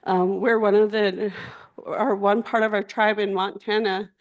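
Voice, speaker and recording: A woman's voice: mid-range voice, little pitch movement, measured pace, highs cut off. A woman delegate giving an unscripted, heartfelt speech at an assembly, openly emotional. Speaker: tribal delegate. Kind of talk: impassioned floor speech. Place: large assembly hall.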